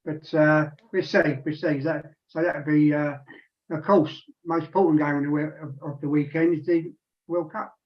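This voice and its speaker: Heard over a dull lo-fi recording, a regular radio panelist in his sixties speaks at a normal speed with a slightly high voice and flat delivery. His casual chat rambles, full of restarts and asides.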